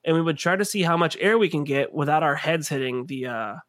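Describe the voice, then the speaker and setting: A man's voice: a little high, a little fast, fairly bright tone, dry recording, clean studio sound. A young man hosting a podcast, joking with friends and laughing often, with fillers and trailing sentences. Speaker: podcast host. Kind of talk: casual banter among friends.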